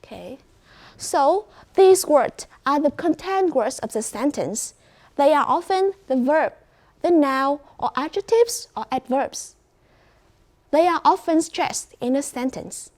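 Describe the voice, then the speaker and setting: A woman with a Vietnamese accent teaching an English class, speaking slowly and clearly, praising and prompting students. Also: sits high, expressive, darkish tone.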